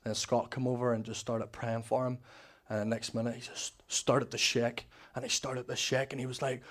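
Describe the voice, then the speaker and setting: A man's voice: medium pitch, little pitch movement, moderate pace, a bit bright. Man telling a rambling testimony. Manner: rambling, emotional storytelling with restarts. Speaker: ex-prisoner giving a church testimony. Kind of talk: personal faith testimony to a congregation.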